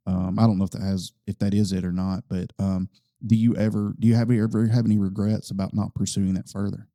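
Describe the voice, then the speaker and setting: Male podcast host, casual and long-winded; deep mellow tone, dry room. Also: level tone, fast, no room sound. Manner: long-winded storytelling, frequent fillers. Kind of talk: casual conversation.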